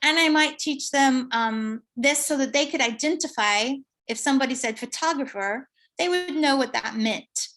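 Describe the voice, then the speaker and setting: A woman giving an online lecture, explaining slowly and thinking aloud with fillers. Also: high voice, a bit bright.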